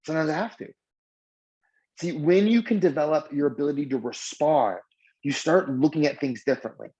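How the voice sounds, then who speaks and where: A man working as a wellness coach. He leads a breathing practice and then talks in a loose, filler-heavy way, acting out the people in his stories. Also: medium pitch. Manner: animated storyteller who acts out quotes. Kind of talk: guided breathing and coaching talk. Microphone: video call. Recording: dull lo-fi video call audio.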